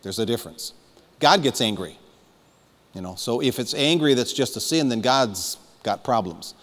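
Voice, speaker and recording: A man preaching a fiery sermon as pastor, rising to shouts and calling for amens. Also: mid-range voice, lively intonation, normal speed. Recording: long hall reverb.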